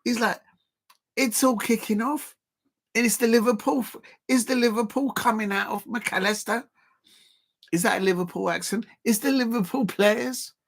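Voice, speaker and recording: A man hosting a live football watch-along stream, rambling and excitable, full of fillers and repeats. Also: sits high, normal speed, vocal fry.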